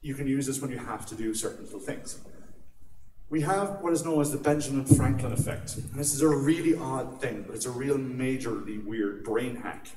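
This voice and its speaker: Speaking at normal speed with a medium-pitched, darkish voice, a conference speaker from Ireland keeps his security talk light and funny, peppering it with "right?" His voice reaches the mic from afar, echoing around a large atrium above a soft hum.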